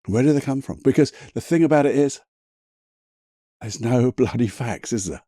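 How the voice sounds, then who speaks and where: A man's voice: mid-range voice, animated, moderate pace, dark tone, breathy edge, no echo, clean studio sound. A man hosting a solo motivational podcast, talking in a chatty, emphatic way, swearing casually and laughing at himself. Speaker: podcast host.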